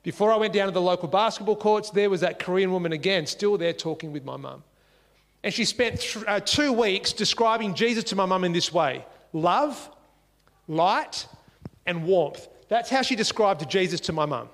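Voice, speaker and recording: An Australian man telling a personal story in a lively, conversational way, acting out the dialogue as he goes, seated at home at a dining table. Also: sits high, normal speed, big-room sound. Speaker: speaker sharing a life story.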